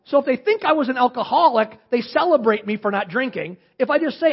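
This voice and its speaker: A man in his fifties preaching a sermon as pastor, animated, swinging from loud emphatic questions to quiet low asides. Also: fast, breathy edge, muffled recording.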